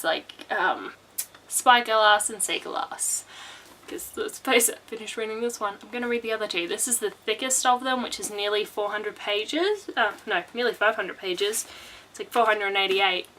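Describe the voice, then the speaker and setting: A woman's voice: on the high side, pushed and bright, rough recording. A chatty, bubbly woman talking casually about books she plans to read, with restarts and laughs. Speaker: book vlogger. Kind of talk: casual book chat.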